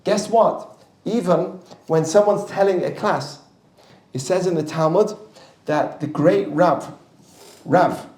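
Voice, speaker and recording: A male rabbi teaching a class with a live audience, chatty and storytelling, with quick asides to the listeners. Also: a little high, darkish tone. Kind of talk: lively classroom teaching with anecdotes. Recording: roomy distant mic in a hall.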